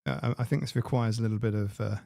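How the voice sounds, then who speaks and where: A man's voice: fairly low pitch, flat delivery, fast, gravelly, warm tone, no room sound, clean studio sound. A man hosting a casual live stream, chatting in a rambling way and laughing at his own jokes. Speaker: livestream host. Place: home room. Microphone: desk mic with mixer.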